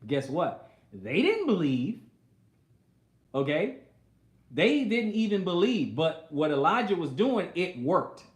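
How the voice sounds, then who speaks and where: A pastor with a high, sing-song voice preaches slowly, pausing often, in a room with a roomy echo. He reads scripture aloud, retells it in everyday language, and sometimes acts out the story's characters.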